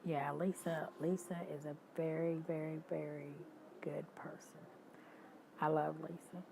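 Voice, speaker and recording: Older woman host, chatty and animated, slightly low voice, faint background hiss. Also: a little slow, vocal fry. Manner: chatty, animated, laughs often and greets viewers by name. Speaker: livestream host. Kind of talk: casual chat with live viewers.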